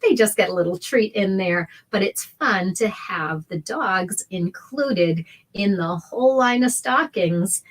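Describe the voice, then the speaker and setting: A middle-aged woman hosting a casual sewing livestream, chatty and heartfelt, greeting viewers by name. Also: mid-range voice. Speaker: sewing show host. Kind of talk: casual livestream tutorial chat.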